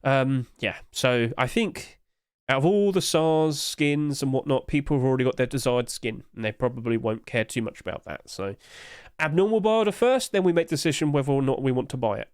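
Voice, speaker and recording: A man's voice: mid-range voice, a little fast, smooth, no echo, studio quality. A man hosting casual commentary, chatty and hedging, with apologetic asides, recorded at home on a desk mic. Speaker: host.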